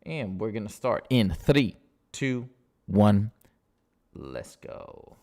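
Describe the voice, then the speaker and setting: A man's voice: on the low side, takes it slowly, a little mellow. A man, tutoring math as he works through a timed test, casual and upbeat, thinking aloud. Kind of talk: live-streamed test walkthrough.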